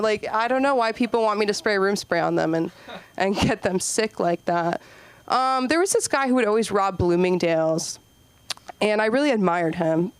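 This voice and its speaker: On a comedy club stage, a young woman with a mid-range voice delivers a rambling, self-deprecating stand-up set. She keeps dropping "like" and "you know" into her talk.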